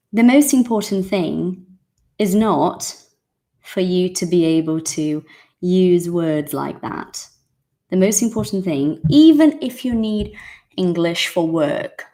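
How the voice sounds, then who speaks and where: Woman, English teacher, unhurried low-ish delivery, emphatic and repetitive, talks straight to viewers. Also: darkish tone. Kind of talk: casual spoken English lesson.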